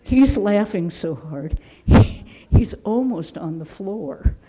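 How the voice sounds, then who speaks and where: A woman from Seattle who is a nun, telling lively anecdotes in an interview and acting out quotes. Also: mid-range voice, takes it slowly, slight background noise, rough recording. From Seattle, United States. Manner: animated, with laughter and acted-out quotes. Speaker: Vedanta nun.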